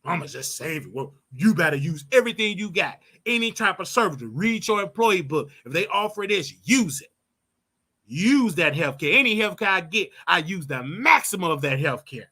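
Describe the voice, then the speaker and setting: Blunt high-voiced man ranting advice. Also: sing-song, moderate pace, bright, forceful tone, husky. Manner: blunt, preachy, repeats his points for emphasis. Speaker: show host. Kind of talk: casual advice rant.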